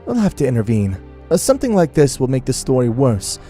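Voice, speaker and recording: A man plays a childlike cosmic king, fretful and anxious, with a slightly raised, mellow voice. It is read over faint music. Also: mid-range voice, wildly swooping pitch, a little fast.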